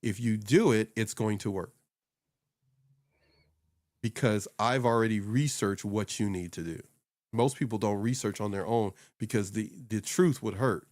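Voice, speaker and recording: A man co-hosting a casual talk show, rambling and animated, laughing often and putting on voices when he quotes people. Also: fairly low pitch, unhurried, no echo, clean studio sound. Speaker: podcast co-host and social media coach. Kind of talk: casual chat. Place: small home studio upstairs.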